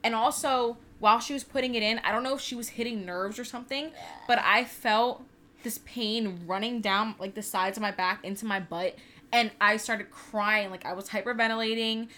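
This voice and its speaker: A woman's voice: a little high, steady tone, moderate pace, sharp tone. A woman in her twenties telling a personal story in casual chat, candid and profane with lots of "like". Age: 20s. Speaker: podcast co-host.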